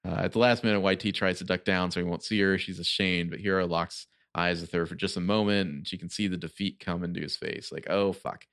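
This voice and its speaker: Deep-voiced man reading aloud casually. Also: fairly even intonation, fast, gravelly, hardly any pauses, fairly bright tone, dry recording, clean studio sound. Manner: reads quotes with loose playful voices, laughs often. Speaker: book podcast co-host.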